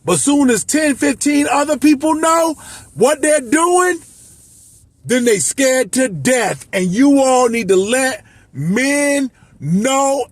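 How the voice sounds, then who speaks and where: A man in his fifties from Miami, a life coach, delivering an impassioned, profane, shouting monologue. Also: very high-pitched, no room sound. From Miami, United States. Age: 50s. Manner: shouting, profane, emotional ranting.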